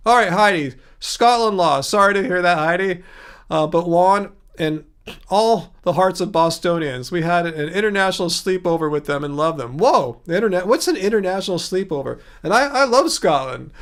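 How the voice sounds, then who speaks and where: A man's voice: sits high, animated, moderate pace, fairly bright tone. A man hosting a casual livestream, answering viewer comments in a rambling way with frequent restarts and chuckles. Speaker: livestream host.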